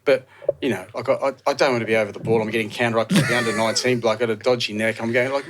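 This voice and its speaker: A man's voice: mid-range voice, steady tone, rapid-fire, background noise. A man in his forties from Australia, a podcast guest telling rambling anecdotes, acting out other people's lines and laughing often. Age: 40s. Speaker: podcast guest, former rugby player. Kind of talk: casual storytelling chat.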